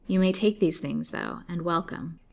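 A woman reading a storybook, voicing a warm, motherly elderly countrywoman who speaks softly and soothingly. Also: fairly low pitch, normal speed, vocal fry. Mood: kindly.

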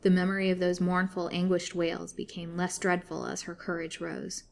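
A woman narrating a serialized storybook in a steady, expressive reading. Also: fairly low pitch, moderate pace, vocal fry. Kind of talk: scripted narration.

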